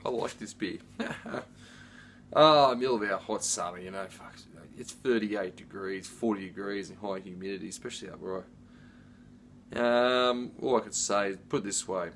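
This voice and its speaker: A man's voice: fairly low pitch, slight background noise. A middle-aged man rambles casually through a beer unboxing, full of fillers and asides. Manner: rambling, chatty, with many fillers. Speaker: beer reviewer.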